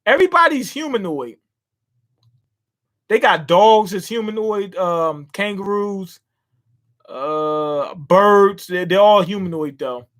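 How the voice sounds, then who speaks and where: Casting: man with a high-set voice, casual manga read-along, chatty quick reactions. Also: animated, fairly bright tone. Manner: reads panels aloud, reacting with quick asides. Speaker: manga reader and commentator. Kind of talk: casual read-through with commentary.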